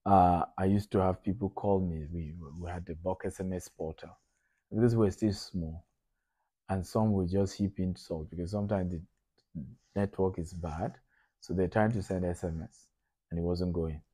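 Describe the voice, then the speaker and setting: A middle-aged man from Nigeria talks entrepreneurs through a business lesson in a low, mellow, husky voice. He keeps it conversational and repeats his points for emphasis. The sound is close and dry. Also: no echo. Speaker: business lecturer. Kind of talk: lecture to entrepreneurs.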